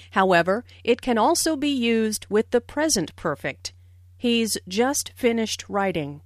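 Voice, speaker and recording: Slow, careful woman teaching English. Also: medium pitch, no echo, clean studio sound. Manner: slow, careful, explanatory delivery. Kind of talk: scripted language-lesson narration.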